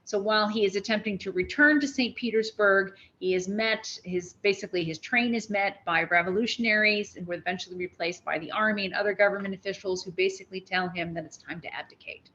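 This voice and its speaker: A woman giving a spoken history lecture, telling events as a lively story with restarts and asides. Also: mid-range voice, fairly quick, few pauses, lo-fi sound.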